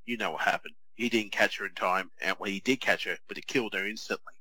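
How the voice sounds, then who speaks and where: A man, co-hosting a podcast and telling stories in a chatty, animated way full of restarts. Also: fairly low pitch, quick pace, no echo, poor audio. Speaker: podcast co-host. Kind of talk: casual chat.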